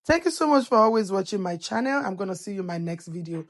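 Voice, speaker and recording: A woman's voice: mid-range voice, lively intonation, quick pace. A woman hosting a cooking channel, chatting playfully in a casual voice-over as she explains each step of her cooking. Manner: chatty and playful, teasing viewers with laughs.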